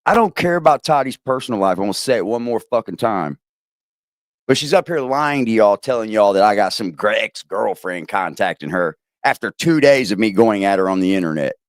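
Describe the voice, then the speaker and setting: A man ranting profanely as host of a livestream, swinging from low growls to sharp highs. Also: animated, brisk, no room sound, studio quality. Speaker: streamer host. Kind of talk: heated livestream rant.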